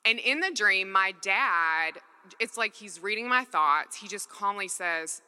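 Bright-voiced woman preaching in an echoey hall. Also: medium pitch, lively intonation, normal speed. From Mississippi, US. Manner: earnest, conversational, acts out dialogue. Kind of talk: sermon with personal storytelling.

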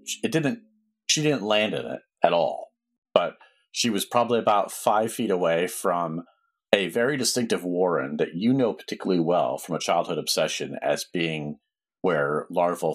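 Man, game master, wry narration, very deep, swooping lively pitch. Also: normal speed, husky, rough recording.

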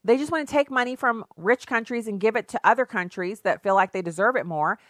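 A woman's voice: on the high side, a little fast, a bit bright, dry recording, studio quality. A woman hosting opinionated political commentary, sarcastic and emphatic, with rhetorical questions.

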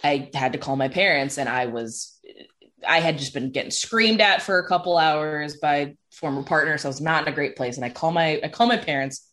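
Animated woman telling a story. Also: sits low, fairly quick. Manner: animated storyteller, acts out quotes in exaggerated voices; says "like" constantly. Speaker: podcast guest telling a personal story. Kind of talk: casual chat.

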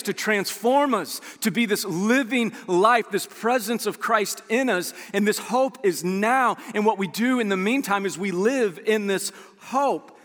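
A man preaching a sermon as a pastor, animated and conversational, acting out quoted voices as he tells stories. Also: high voice, in a large hall.

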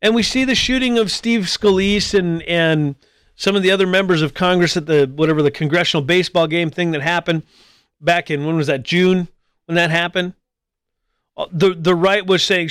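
A man with a high-pitched voice delivers a political commentary monologue as host of his own show. He argues his case with pointed emphasis, close to the mic in a dry space. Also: normal speed, a bit bright, clear, resonant tone, no echo. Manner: argumentative, with mocking mimicry of squabbling voices. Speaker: podcast host.

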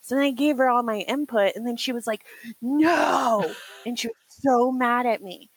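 A young woman telling stories in a casual podcast chat, animated and laughing often, acting out what others said. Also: a little high, fairly quick, low-quality recording. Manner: animated, acts out quoted voices, laughs often.

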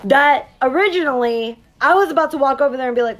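A woman in her thirties, a mother and business owner, telling her viewers a story in an animated, emphatic way and often stopping to ask "okay?". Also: high voice, fast, hardly any pauses.

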